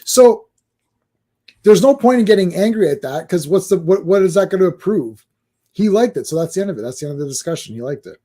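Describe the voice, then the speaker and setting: A man co-hosting a podcast in casual chat, animated, who acts out other people's complaints in mocking voices. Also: high voice, fairly quick. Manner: animated, mimics fans in mocking quoted voices. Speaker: podcast co-host.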